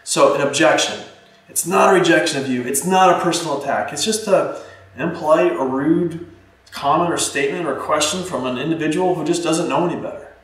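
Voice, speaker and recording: A man's voice: on the high side, a bit bright. A man coaching real estate agents, talking energetically and acting out little client dialogues as he teaches. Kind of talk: instructional talk with role-play examples. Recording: echoey room, distant mic.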